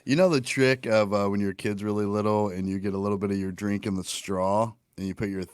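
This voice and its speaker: A man co-hosting a podcast in relaxed, chatty casual conversation. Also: fairly low pitch, fairly quick, clear, resonant tone, no room sound. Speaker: podcast co-host. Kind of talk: casual chat.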